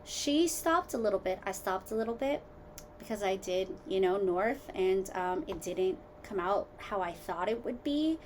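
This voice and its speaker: A woman hosting her own podcast from home, rambling casually through tangents with lots of fillers, jumping between loud exclamations and quiet muttered asides. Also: mid-range voice, animated, unhurried, slight background noise. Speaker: podcast host. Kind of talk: casual solo podcast chat.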